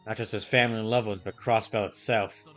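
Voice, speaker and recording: Man doing a low gravelly gangster voice, older-brother tough guy, quiet and gruff, tacks on a "see?", voicing game dialogue. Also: fairly even intonation, fast talker, soft background music, natural voice. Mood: earnest. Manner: ends lines with a gangster-style "see?".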